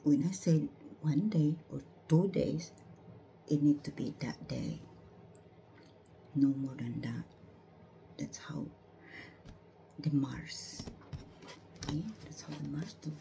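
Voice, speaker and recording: A woman speaks mostly in a soft, halting whisper, circling back over the same words as she holds back tears. Her voice is low and gravelly with a dark, mellow tone, and she takes her time with every phrase. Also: slight background noise. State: close to tears. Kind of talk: whispered personal monologue.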